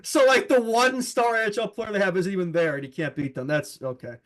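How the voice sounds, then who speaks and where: A man's voice: high voice, fairly even intonation, fairly quick, a bit bright. A man co-hosting a casual sports talk show, chatty and laughing often, with many fillers. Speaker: co-host.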